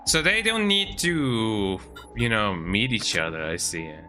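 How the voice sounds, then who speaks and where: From his computer at home, a man chats his way through a video game stream, wandering from point to point and tacking "eh?" onto his sentences. He speaks fairly low but animated, a little slowly, with a bright, forceful tone over faint background music.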